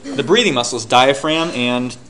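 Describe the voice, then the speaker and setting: A man teaching a class, lecturing and quizzing his students with rapid questions and answering them himself. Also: mid-range voice, a bit bright.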